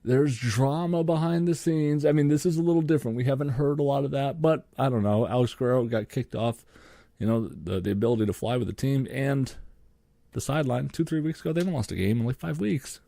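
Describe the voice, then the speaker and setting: A man's voice: mid-range voice, a little fast, vocal fry, warm tone, no echo. A young man, co-hosting a podcast and ranting sarcastically about sports, swearing freely. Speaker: podcast co-host. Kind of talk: solo sports podcast rant.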